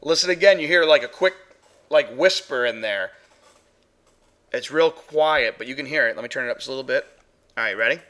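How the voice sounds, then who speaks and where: A man's voice: medium pitch, a little fast, long pauses, sharp tone, slight background noise. A man hosting a live paranormal stream, chatting casually as he plays and reviews audio clips with his chatroom. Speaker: paranormal show host.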